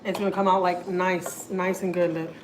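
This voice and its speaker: A family vlogger from Houston, Texas, chats casually to viewers while cooking in her home kitchen, talking straight to them with lots of "like" and "y'all." Her voice is on the low side, with a flat delivery and moderate pace, and there's background noise.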